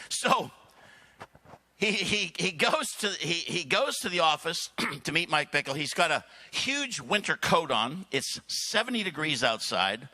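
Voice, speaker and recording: A man tells a long church story, his fairly high voice leaping up and down with animation. His tone is bright and forceful, and he keeps stopping to clear his throat between anecdotes. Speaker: guest speaker. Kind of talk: sermon storytelling.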